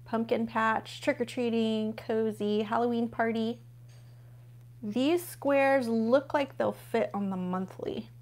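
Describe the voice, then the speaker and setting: A woman's voice: a little high, steady tone, slow, few pauses, darkish tone. A woman hosting a casual live unboxing stream from home, gushing over what she unpacks and chatting with her viewers. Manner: gushing, chatty, talks to viewers while flipping pages.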